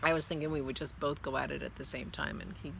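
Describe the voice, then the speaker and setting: A woman's voice: deep voice, steady tone, fast talker, creaky, slight background noise. A woman hosting a casual vlog, chatting in a rambling, easygoing way and cooing at her dog now and then. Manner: rambling and chatty, trailing off and restarting; coos affectionately to her dog. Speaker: podcast host. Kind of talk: casual chat.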